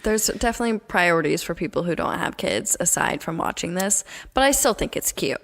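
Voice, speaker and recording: A woman's voice: lowish voice, lively intonation, brisk, creaky, fairly bright tone, in a large hall. A woman co-hosting a casual podcast, talking in a chatty way with lots of "like" and "you know". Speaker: podcast co-host. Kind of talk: casual chat.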